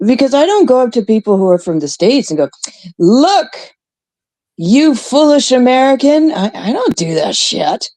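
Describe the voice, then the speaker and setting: A woman's voice: medium pitch, brisk, few pauses, no echo. Blunt, swearing Canadian woman. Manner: blunt, swearing, animated rants. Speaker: livestream host. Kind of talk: casual livestream chat.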